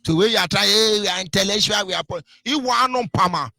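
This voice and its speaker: A man's voice: sits high, fast, vocal fry, bright, forceful tone, no room sound. A man with a Nigerian accent hosting an online radio show, fiery and mocking as he reads out phone lines. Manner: fiery, mocking, gives phone numbers repeatedly. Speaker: radio host. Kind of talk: radio call-in talk.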